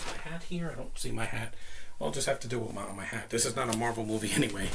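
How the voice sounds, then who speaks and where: A young man gives a casual, rambling film review, enthusiastic and a bit out of breath, full of fillers and restarts. His mid-range voice is quick and creaky, and the recording is very noisy.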